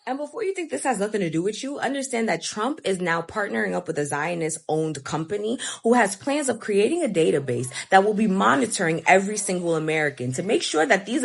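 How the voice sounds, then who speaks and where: A woman's voice: medium pitch, breathy edge. A woman giving heated, profane political commentary to camera.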